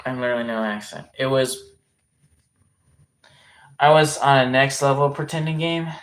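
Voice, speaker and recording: Casual livestreamer, mid-pitched voice, talks in fits and restarts, reacts to chat. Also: moderate pace. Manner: rambling, self-interrupting, reacting to chat messages; swearing freely.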